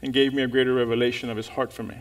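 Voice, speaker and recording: A man preaching a sermon in church, telling a story in an animated way and calling out to the congregation. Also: medium pitch, very fast.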